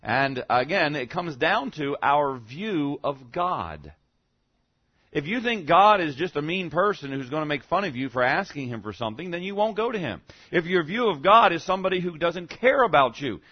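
Male pastor, slightly high voice, conversational teaching sermon with emphatic punches on key words; dull lo-fi recording. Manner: conversational teaching, frequent "okay?" checks with the congregation.

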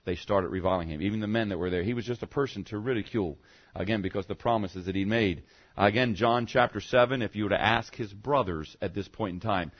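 Speaking a little fast over lo-fi audio, a male preacher addresses his flock with rhetorical questions, his voice sinking low for quoted lines.

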